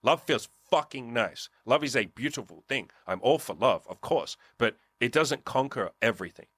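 A man's voice: mid-range voice, expressive, normal speed, a bit bright, breathy edge, no echo. A man giving blunt, profane dating advice in a casual coaching conversation, acting out what others would say. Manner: profane, blunt, acts out quotes.

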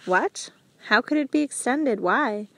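A woman voicing a quick-tempered male army general in an audiobook, speaking in incredulous questions. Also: on the high side, animated, background noise. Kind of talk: audiobook character reading.

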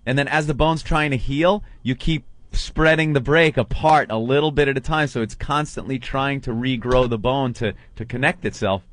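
A man hosting a radio show, telling animated stories in casual banter and mimicking people as he goes, from a studio microphone. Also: medium pitch, normal speed, few pauses, no echo. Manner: animated storyteller, mimics people mid-story.

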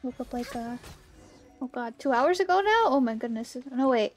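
A woman streaming a game and chatting casually with her viewers, bubbly and greeting them by name, with a slightly hoarse morning voice. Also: high-pitched, expressive, moderate pace. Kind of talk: casual livestream chat.

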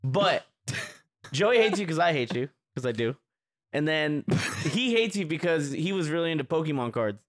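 A man's voice: fairly high pitch, very animated, moderate pace. A man as a guest on a casual podcast, teasing and playfully boastful. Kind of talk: casual chat.

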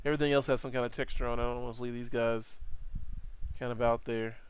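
A man giving a casual, rambling software tutorial over his screen, correcting himself and adding jokey asides. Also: mid-range voice, steady tone, fast, clean tone.

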